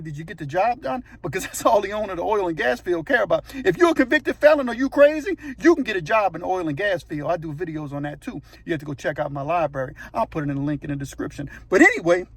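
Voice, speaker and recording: Speaking fast in a husky, high-sitting voice, this man hosts his channel and narrates a story with animated emphasis. He addresses the viewer directly, and the recording has no room sound.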